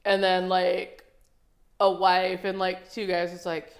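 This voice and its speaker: Low-voiced woman telling stories. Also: monotone, slow. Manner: storytelling, quotes people, wry. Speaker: podcast host, comedian. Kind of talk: casual podcast chat.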